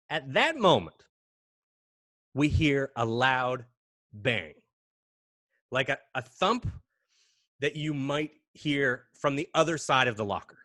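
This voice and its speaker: A man from Canada, a podcast guest, telling a spooky story in a casual, animated way and acting out bangs and gasps. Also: mid-range voice, measured pace, pauses often, dry recording, studio quality.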